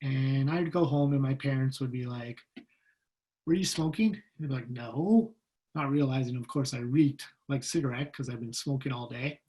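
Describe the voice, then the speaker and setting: A middle-aged man giving a personal storytelling talk over a video call, animated and acting out the voices of people in his story. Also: medium pitch, brisk, hardly any pauses. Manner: animated, acts out quoted voices. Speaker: guest speaker.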